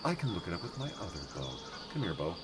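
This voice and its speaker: Quick and low-pitched with big swings in his tone, this American livestream host chats through a casual game session. He rambles, interrupts himself, leans on fillers, and playfully garbles German words over heavy background noise.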